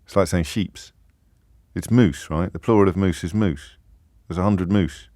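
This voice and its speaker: A man's voice: sits low, measured pace, darkish tone, no room sound. Male radio host, conversational, self-deprecating, stumbling restarts, dry close studio mic. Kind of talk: talk radio monologue. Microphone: studio microphone.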